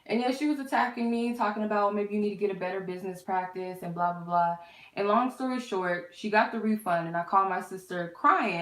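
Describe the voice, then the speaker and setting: A woman's voice: mid-range voice, brisk, fairly bright tone. A young woman who reads tarot, telling a personal story in a candid, casual way with frequent swearing. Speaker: tarot reader. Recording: echoey room.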